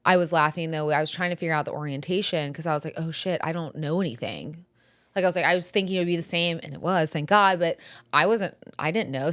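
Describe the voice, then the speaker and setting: A woman's voice: fairly low pitch, fairly bright tone, smooth, no echo, clean studio sound. A woman in her thirties from California, hosting a podcast and telling stories in casual chat, swearing freely and acting out the people she quotes. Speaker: podcast host.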